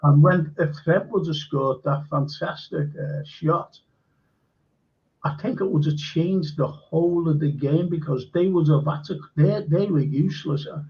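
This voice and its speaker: Gravelly-voiced man hosting a live stream. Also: a little high, unhurried, muffled recording. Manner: emphatic, blunt verdicts with fillers. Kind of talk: casual football chat.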